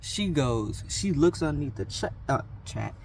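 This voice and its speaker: A young man spins a casual, slangy storytime, teasing himself. His voice sits a little high and swings a lot. A faint hiss runs under the recording. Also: a little slow, creaky. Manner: animated, slangy, self-mocking. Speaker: vlogger.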